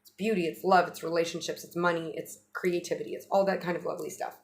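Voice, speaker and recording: A woman's voice: lowish voice, fairly even intonation, fast. A woman giving a casual astrology update, chatty and loose, restarting phrases and swearing now and then. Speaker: astrologer vlogger.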